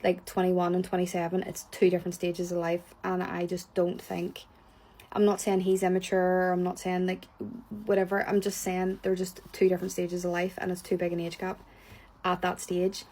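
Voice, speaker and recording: A Northern Irish woman with a husky, slightly low voice, talking casually through her opinions. She is blunt and frank and swears without a second thought. She sounds hot and bothered as she talks. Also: monotone, normal speed, darkish tone. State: hot and sweaty. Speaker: reality TV reviewer. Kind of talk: casual reaction chat.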